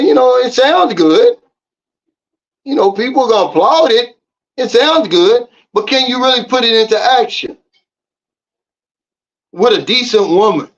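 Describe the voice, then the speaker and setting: High-voiced man giving emphatic advice. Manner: emphatic, preachy, talks straight to viewers. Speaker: vlogger. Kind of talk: casual advice monologue to camera. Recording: slightly dull lo-fi audio.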